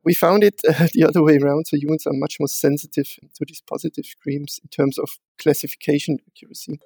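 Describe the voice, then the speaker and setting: A man being interviewed about his research, speaking in a measured way with frequent fillers and restarts. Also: fairly high pitch, little pitch movement, vocal fry, warm tone, slightly rough, no echo.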